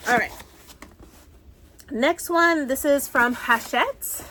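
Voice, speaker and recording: A woman in her thirties chatting excitedly through a book haul, gushing and sometimes dropping to a whisper. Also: high-pitched, takes it slowly, a little hiss or hum. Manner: bubbly, excitable, gushing, slips into soft whispers. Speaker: book vlogger. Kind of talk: casual book haul chat.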